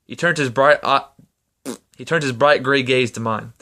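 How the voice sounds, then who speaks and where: A man reading a novel aloud at a steady pace, sometimes stumbling and restarting a line. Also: medium pitch, normal speed. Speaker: reader.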